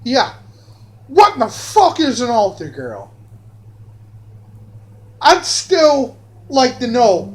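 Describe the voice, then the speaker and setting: A man's voice: very high voice, wildly swooping pitch, slightly rough. A man telling a rambling personal anecdote straight to the camera. He swears a lot and keeps repeating his phrases. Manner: profane, repeats phrases, drawn-out. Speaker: vlogger telling a personal story.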